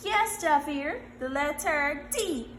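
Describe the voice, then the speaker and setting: A woman teaching young children a phonics lesson, encouraging them and repeating letter sounds slowly. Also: sits high, lively intonation, fairly bright tone, roomy sound, slight background noise. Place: classroom.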